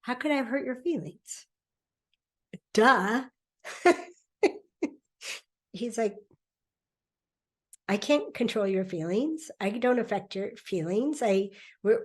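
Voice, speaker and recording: A middle-aged woman speaking as a podcast guest in a relaxed conversation, animated and laughing often as she acts out quoted voices. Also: on the high side, takes it slowly, long pauses. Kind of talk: conversational interview.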